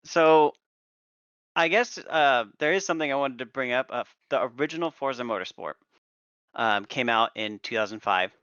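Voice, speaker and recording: A young man co-hosting a gaming podcast, explaining at a measured pace with hesitant pauses, on a slightly dull recording. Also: mid-range voice, expressive, fairly bright tone, clean tone, no room sound. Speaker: podcast co-host. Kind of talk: casual chat.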